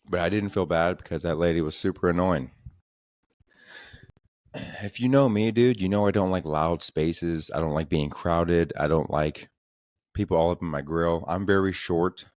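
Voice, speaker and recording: A man's voice: low-pitched, moderate pace, darkish tone, dry recording, studio quality. A man hosting a podcast, telling comedic stories in a casual, profane, slangy way that keeps coming back to "dude". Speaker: podcast host.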